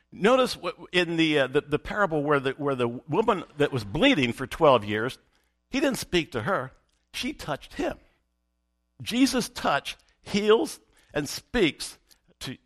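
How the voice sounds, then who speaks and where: A man's voice: on the high side, a bit bright. A man preaching a sermon as pastor, emphatic and repeating his key phrases for weight.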